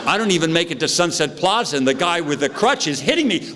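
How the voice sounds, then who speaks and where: Male AA meeting speaker, animated storyteller, loose delivery with sound effects. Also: a little high, quick pace, few pauses, crowd noise, background noise. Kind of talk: recovery story told to a meeting.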